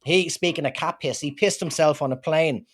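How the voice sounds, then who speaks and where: An Irish man chats as a guest comedian, his voice sitting a little higher than most men's. He jokes his way through stories with lively, quick asides. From Ireland. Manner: lively, joking storyteller. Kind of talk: casual chat.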